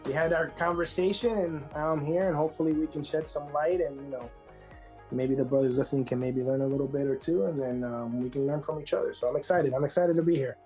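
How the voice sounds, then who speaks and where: A man speaking as a podcast guest, relaxed and storytelling. He keeps things conversational with frequent asides and slips into Spanish for a word here and there. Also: on the high side, quick pace, faint music behind, poor audio. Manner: animated, frequent "right?" asides, mixes in Spanish phrases. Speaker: podcast guest, lodge master. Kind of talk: casual storytelling interview.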